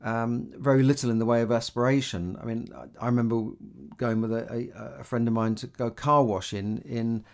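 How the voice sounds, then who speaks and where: A middle-aged man with a Cockney accent talks through a casual monologue on money and opportunity. He rambles a little and keeps restarting, with a lot of "you know" along the way. His pitch sits in the ordinary middle range for a man. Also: fairly even intonation, moderate pace, vocal fry. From London, England. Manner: rambling, conversational, many fillers and restarts. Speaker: money advice host.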